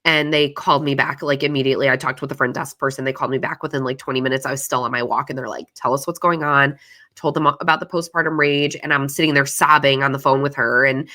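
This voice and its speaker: A woman's voice: rumbling low, steady tone, quick pace, sharp tone. A woman hosting a podcast, telling her story in a casual, confessional way, swearing freely and using lots of "like" fillers. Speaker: podcast host. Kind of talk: candid solo podcast monologue.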